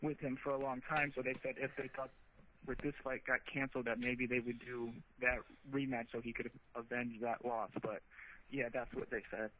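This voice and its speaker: A man calls in to a talk radio show, speaking haltingly with many ums. His voice comes through a narrow, tinny phone line. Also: mid-range voice, flat delivery, background noise. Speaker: caller.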